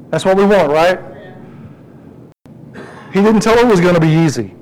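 A middle-aged man preaching a sermon and telling a personal story, lively and animated, his voice jumping high as he quotes himself. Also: moderate pace, long pauses, poor audio. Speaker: pastor.

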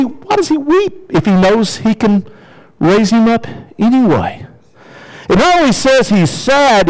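A man preaching a sermon as pastor, in a conversational, emphatic way, with sudden rises in pitch for emphasis. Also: low-quality recording.

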